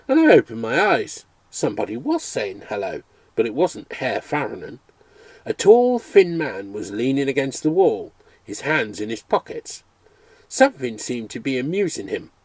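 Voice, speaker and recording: A man reading a memoir aloud as a storyteller, expressive and engaged. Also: mid-range voice, moderate pace, slightly rough, no room sound. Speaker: audiobook reader.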